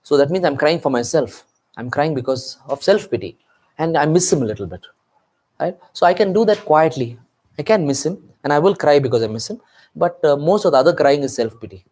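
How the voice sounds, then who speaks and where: A man's voice: on the high side, expressive, fairly quick, darkish tone. A man preaching a sermon to his congregation, firing off rhetorical questions and talking straight to the people in front of him. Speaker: pastor. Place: church meeting.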